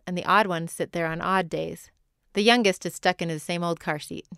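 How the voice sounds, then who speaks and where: Smooth-voiced woman podcast host. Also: fairly low pitch, no room sound, clean studio sound. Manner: reads stories from other mothers with personal asides. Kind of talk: scripted narration.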